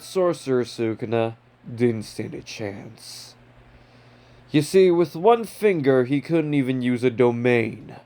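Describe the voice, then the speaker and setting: A man's voice: medium pitch, dark tone. A man casually narrating a fan-made story, off the cuff and loose. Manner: casual, off-the-cuff, occasional swearing.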